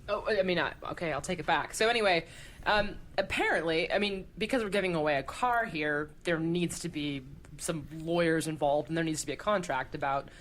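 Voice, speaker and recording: A woman's voice: low-pitched, brisk, a bit bright. A woman chatting on a podcast, telling a story in a loose way with lots of fillers. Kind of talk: casual anecdote on a podcast.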